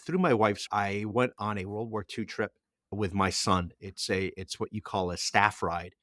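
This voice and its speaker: A man's voice: fairly low pitch, unhurried, a bit bright, dry recording, clean studio sound. A middle-aged man co-hosting a podcast, telling a long story with many restarts and repeated words. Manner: rambling storyteller with frequent restarts. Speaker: podcast co-host. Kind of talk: casual podcast chat.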